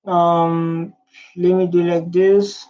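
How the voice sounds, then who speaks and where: A woman giving casual, animated reaction commentary on a video, repeating herself and teasing what she sees. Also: fairly low pitch, very slow. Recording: dull lo-fi sound.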